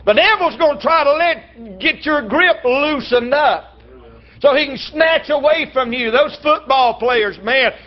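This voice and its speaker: A man preaching a sermon in a folksy way, acting out little dialogues and sometimes breaking into shouts. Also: extremely high pitch, a little slow. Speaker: traveling preacher. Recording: slightly dull lo-fi church recording.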